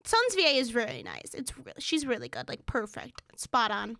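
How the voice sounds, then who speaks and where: A woman streamer reading a dating game's narration aloud in a measured tone, with profane asides. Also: a little high, wildly swooping pitch, vocal fry, bright, forceful tone, dry recording, studio quality. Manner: swears freely, reads narration in a measured tone. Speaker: gaming streamer. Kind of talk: reading a game aloud with reactions.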